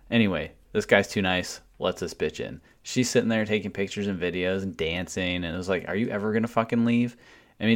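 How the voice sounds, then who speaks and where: A man with a very low voice tells a story on a podcast, blunt and loose, dropping swear words without a second thought. The delivery is relaxed, conversational and unpolished. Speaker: podcast co-host. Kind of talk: casual profane storytelling.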